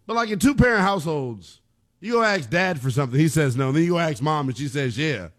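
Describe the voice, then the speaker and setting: A young man hosting a sports talk radio show, playful and animated, often laughing. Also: on the high side, brisk. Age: young adult.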